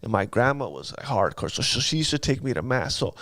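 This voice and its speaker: A man's voice: medium pitch, very animated, fast, fairly bright tone, no room sound. A man telling his life story in an interview, in casual street slang, often asking "you know what I mean". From Los Angeles area. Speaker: guest.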